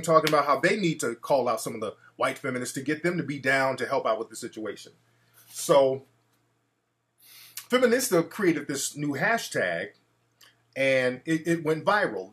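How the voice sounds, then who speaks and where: A man's voice: fairly high pitch, fairly bright tone. A male talk show host ranting in a brash, profane, mocking way.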